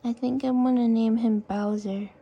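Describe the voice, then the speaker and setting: A woman's voice: a little high, steady tone, normal speed, warm tone, breathy edge, muffled recording. A woman vlogger talking to a rescued turtle in cooing, coaxing baby talk. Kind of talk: casual vlog talking to a pet turtle.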